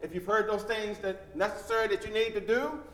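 A man preaching a sermon to a congregation, swinging between loud emphatic lines and hushed ones. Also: high voice, fairly quick. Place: church hall with congregation. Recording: echoey hall reverb.

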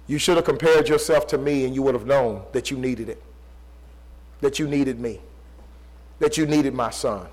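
A man preaching a sermon, repeating rhetorical questions, swinging between loud emphatic pleas and low, quiet passages. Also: normal speed, long pauses, rough recording.

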